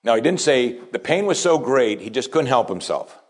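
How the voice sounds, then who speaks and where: A man preaching to his congregation in a mid-pitched voice. He moves between low, hushed asides and raised, insistent points, pressing each idea home. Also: big pitch swings, normal speed, slightly rough. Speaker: pastor. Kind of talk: sermon.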